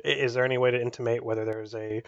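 A man's voice: mid-range voice, flat delivery, rapid-fire, dry recording. Male player, hedgy and filler-heavy, dry muffled recording. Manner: hedging, lots of fillers. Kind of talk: casual tabletop play.

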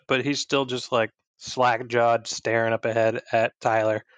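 A man playing in a tabletop game, excited and rambling. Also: medium pitch, normal speed, hardly any pauses, no room sound. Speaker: player. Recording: dull dry lo-fi mic.

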